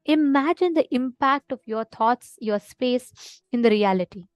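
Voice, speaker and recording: A woman's voice: fairly high pitch, measured pace, clean tone, no echo. A woman leading a live online spiritual teaching session, explaining step by step and often asking if listeners follow. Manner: explanatory, often checking understanding with "correct?".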